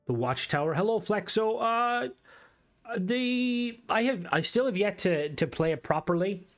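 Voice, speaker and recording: A young man from Ireland with a softened Irish accent, casually chatting on his livestream, rambling, swearing and greeting viewers as he reads their comments. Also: sits high, animated, unhurried, faint music behind. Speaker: streamer.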